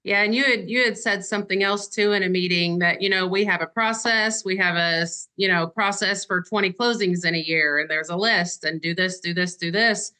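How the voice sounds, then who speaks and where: A woman's voice: medium pitch, fairly quick, hardly any pauses, bright, forceful tone, clear, resonant tone. A woman guest on a casual podcast interview, talking candidly and conversationally. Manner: candid, conversational, uses "you know" and "like" often. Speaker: real estate agent, guest.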